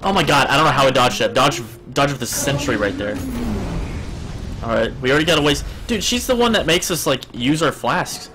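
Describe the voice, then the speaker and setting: A man streaming a video game and commenting as he plays, yelping and shouting in panic, then muttering quietly to himself. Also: mid-range voice, expressive, a little fast, background noise. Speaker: gaming streamer. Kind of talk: let's-play commentary.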